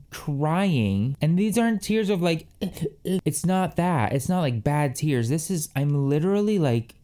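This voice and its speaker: A man's voice: a little high, animated, a little slow, mellow, soft background music. A man hosting a fragrance review vlog, moving between reading scripted perfume descriptions and gushing, theatrical reactions.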